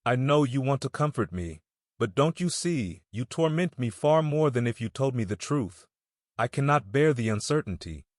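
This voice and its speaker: A man narrating an audiobook gives voice to a grieving middle-aged mother, sobbing and pleading to learn how her son died. His mid-range voice has lively intonation and a natural quality, at a moderate pace in a clean studio without room sound.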